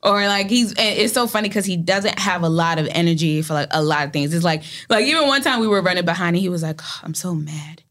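Animated young woman telling stories. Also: lowish voice, fast, few pauses. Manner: animated storytelling, acts out quotes. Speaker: actor guest. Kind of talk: casual interview talk.

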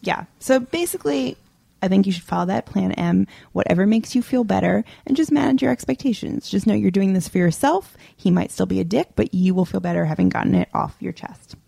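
A young woman co-hosting a podcast, talking in a relaxed, conversational way with frequent "like". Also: medium pitch, fairly quick, creaky, slightly rough, dry recording. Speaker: podcast co-host. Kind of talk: casual chat.

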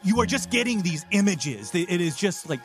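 Game master, male, lively high-ish narration over music. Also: moderate pace. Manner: animated, jumps into high silly voices for side characters.

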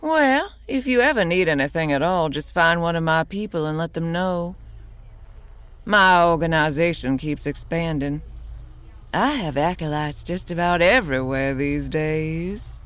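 A woman playing an aunt who leads a secretive cult and talks in a smooth, self-satisfied way. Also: deep voice, a little slow, no room sound. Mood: smug.

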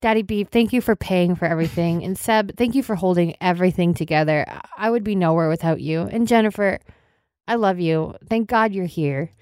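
A glum, sullen young bride, voiced by a woman in an improv comedy show. Her voice sits a little low and sounds close and dry. She talks flatly, in short resigned phrases. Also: fairly quick, no echo, close to an everyday voice. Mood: apologetic. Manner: sullen, flat, then apologetic. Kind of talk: improvised comedy role-play.

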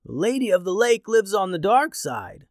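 A man's voice: sits high, very animated, moderate pace, dry recording, clean studio sound, voice pushed up. A man voicing a curious, knowing male scholar who speaks in an inquisitive way.

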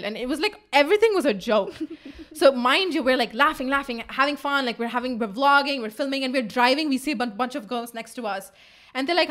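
A young woman co-hosting a podcast, telling a story in a loose, animated way, swearing freely and acting out what people said. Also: high voice, quick pace. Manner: animated, swearing, acts out quotes. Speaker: podcast co-host. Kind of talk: casual storytelling chat.

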